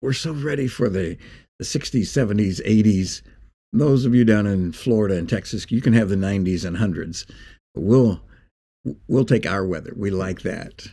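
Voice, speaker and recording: Male pastor, low husky mellow voice, folksy devotional delivery. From Northeast Indiana. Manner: folksy and conversational, with pauses and restarts. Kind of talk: short devotional talk.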